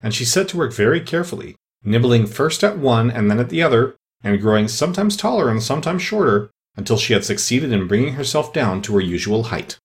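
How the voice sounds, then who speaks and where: A man narrating a storybook in a lively, expressive reading voice. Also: medium pitch, a little fast, few pauses.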